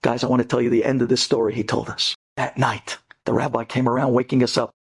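A man from Brooklyn telling a stirring story to an audience, swinging from loud high bursts to low murmurs and sprinkling in Hebrew and Yiddish terms. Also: steady tone, fast talker, creaky, few pauses, slightly rough. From Brooklyn, New York.

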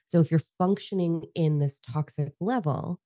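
A woman co-hosting a podcast, talking bluntly and casually, swearing freely and telling animated stories. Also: sits low, moderate pace, dry recording, clean studio sound. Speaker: podcast co-host.

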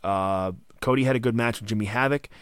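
A man co-hosting a casual wrestling podcast from home, animated and laughing often as he retells moments. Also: lowish voice, fairly quick, smooth, dry recording, studio quality. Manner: animated, laughs often, acts out quotes loudly. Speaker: podcast co-host. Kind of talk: casual chat. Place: home during quarantine.

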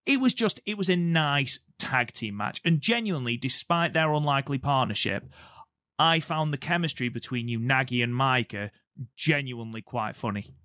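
A male podcast co-host chats with casual enthusiasm, dropping in frequent fillers. His mid-range voice is pushed and bright, with lively intonation at a moderate pace, recorded dry with clean studio sound.

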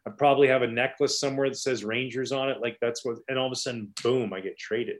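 Speaking at a quick pace, a former professional pitcher tells stories in a casual interview. He's animated and rambling, restarting his sentences many times.

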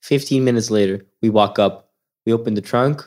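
A young man who grew up in Sweden, a podcast guest telling lively anecdotes in casual chat and acting out the voices of the people in them. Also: fairly low pitch, a little fast. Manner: animated storyteller, acts out voices in quoted lines. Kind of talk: casual storytelling.

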